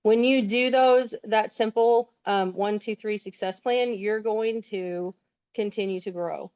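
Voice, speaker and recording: A woman's voice: mid-range voice, steady tone, measured pace, a little mellow, clear, resonant tone, muffled recording. A woman presenting a sales plan on a video call, upbeat and explaining step by step. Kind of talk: virtual team training talk.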